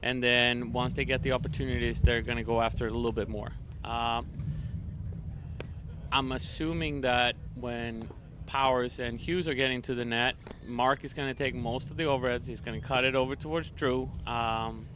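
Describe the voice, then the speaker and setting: A man's voice: mid-range voice, fairly even intonation, moderate pace, background noise. A man from Sweden, a guest player breaking down a matchup analytically, often restarting sentences.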